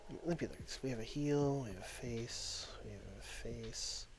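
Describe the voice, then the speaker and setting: A man's voice: medium pitch, normal speed, slight background noise. A man casually talking through a strategy game on a livestream, thinking aloud and addressing his chat. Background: faint background music.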